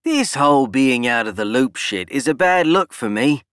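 A man's voice: animated, normal speed, fairly bright tone, clean tone, no echo, clean studio sound, close to an everyday voice. A man doing a brash, boastful schemer. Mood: scornful. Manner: snapping, boastful, raised pitch. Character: brash arrogant male politician, scheming.

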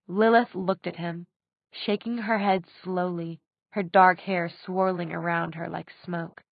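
A woman reading an audiobook in a steady, expressive narration. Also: lowish voice, a little slow, gravelly, no room sound. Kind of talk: scripted narration. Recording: dry tinny phone-like sound.

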